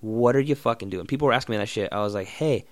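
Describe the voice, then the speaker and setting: A man's voice: on the low side, fast talker, dry recording. A young man hosting a solo podcast, ranting bluntly and sarcastically with lots of swearing. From Oregon. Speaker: podcast host.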